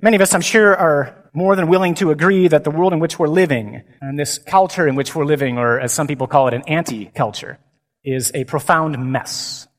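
A priest preaches to a large gathering of men, his voice sitting a little high and carried by a long hall reverb. He moves between humorous asides and emphatic, punchy statements. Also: a little fast. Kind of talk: conference talk.

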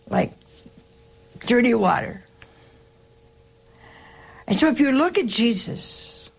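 A woman hosting a religious call-in show, giving an earnest, reflective spiritual talk in slow, emphatic parallel phrases. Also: mid-range voice, gravelly, husky.

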